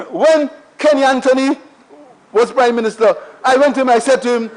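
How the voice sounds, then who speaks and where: A man's voice: very high voice, normal speed, a little mellow, poor audio. A Saint Lucian man, a member of parliament, giving an emphatic, repetitive debate speech in a parliament chamber while he keeps addressing the Speaker.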